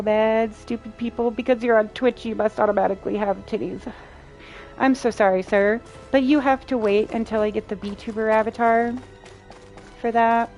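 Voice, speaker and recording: Young female streamer, sarcastic, swears a lot, slightly high voice. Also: a little mellow. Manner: blunt, profane, sarcastic. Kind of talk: casual chat while playing. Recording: faint game music behind.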